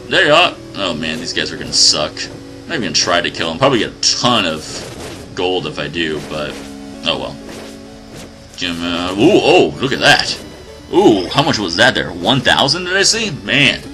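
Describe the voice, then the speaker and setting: A man giving casual, chatty commentary while playing a video game, excitable and joking, often laughing. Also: low-pitched. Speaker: let's play host. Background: faint game music.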